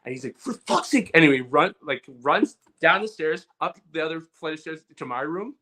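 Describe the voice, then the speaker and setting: A man co-hosting a comedy podcast, telling a story in a casual, animated way and acting out loud outbursts. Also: a little high, fairly quick. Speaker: podcast co-host.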